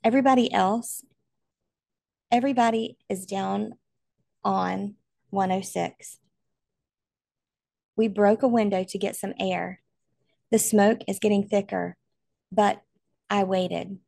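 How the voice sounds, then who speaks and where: A woman voicing a trapped father who speaks slowly, quietly and weakly, his voice trembling. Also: medium pitch, fairly even intonation, gravelly, dry recording, studio quality. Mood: weak, resigned. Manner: quiet, weak, trembling, slow.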